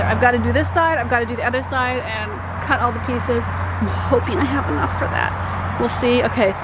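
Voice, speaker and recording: Chatty woman vlogging outdoors over noise. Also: on the high side. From United States. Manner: chatty, self-deprecating, talks while working. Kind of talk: casual vlog narration. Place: outdoor campground building site.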